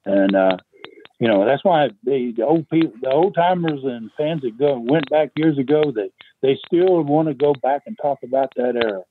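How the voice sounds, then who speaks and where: An older man telling wrestling-era stories as a podcast guest, rambling and halting, with chuckles and fillers. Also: medium pitch. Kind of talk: casual storytelling. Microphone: phone call. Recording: tinny phone line with faint hiss.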